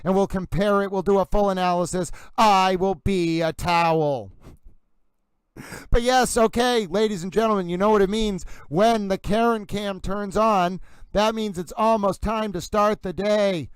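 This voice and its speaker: A man's voice: high voice, unhurried, clean tone, no room sound, poor audio. A man hosting a livestream, commenting on a trial in a playful, theatrical mock horse-racing announcer style. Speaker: livestream host.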